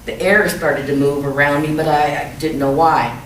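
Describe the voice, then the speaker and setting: A woman author reading a chapter of her young adult novel aloud at a measured, soft-spoken pace. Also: deep voice, fairly even intonation, slight background noise. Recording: echoey room, mic far off.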